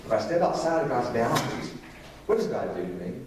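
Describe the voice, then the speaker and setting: A man's voice: mid-range voice, sing-song, brisk, background noise. A middle-aged man preaching a conversational sermon on parenting, often putting questions to the congregation. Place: church sanctuary. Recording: echoey hall, distant mic.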